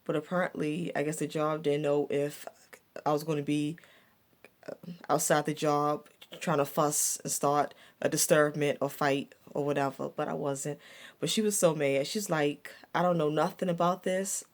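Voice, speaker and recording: Her voice is low and steady, at a moderate pace, as this woman vlogger revisits an episode from her younger life. The telling is thoughtful and repetitive, broken up by faltering restarts.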